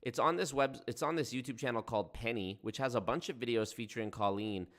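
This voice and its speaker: A man's voice: mid-range voice, fast, fairly bright tone. Sarcastic, profane male livestream host. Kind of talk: casual stream commentary.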